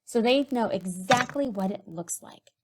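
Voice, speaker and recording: A woman teacher giving a recorded writing lesson to young children, speaking slowly and sounding out syllables and letters. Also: medium pitch, lively intonation, darkish tone, a little hiss or hum. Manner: slow, sing-song, sounds out syllables and letters.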